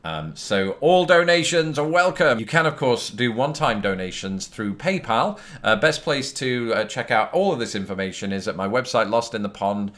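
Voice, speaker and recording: A man's voice: medium pitch, expressive, moderate pace, few pauses, fairly bright tone. A British man hosting a casual viewer Q&A vlog, rambling and self-deprecating, with lots of fillers, recorded on a phone. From Britain. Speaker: YouTube host answering viewer questions. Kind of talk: casual chat.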